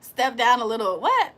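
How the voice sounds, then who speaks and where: High-voiced woman hosting a rowdy livestream. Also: fairly bright tone. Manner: playful, laughs often, swears freely, mock-preacher teasing. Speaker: livestream host. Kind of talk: casual live-stream chat, reading the chat aloud.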